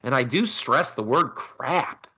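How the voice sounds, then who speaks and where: Lively, bright-voiced opinionated man. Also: mid-range voice, moderate pace, highs cut off. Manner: opinionated, emphatic, rambling analysis. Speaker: podcast co-host. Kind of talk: casual wrestling podcast chat.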